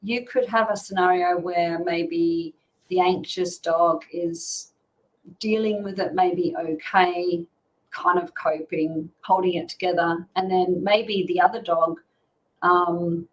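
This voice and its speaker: Woman with a low gravelly voice explaining dog stuff on a podcast, lots of um and you know. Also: steady tone, measured pace, slight background noise, poor audio. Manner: chatty, frequent "you know" and "um", laughs often. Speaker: dog behaviour expert guest. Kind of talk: casual podcast interview.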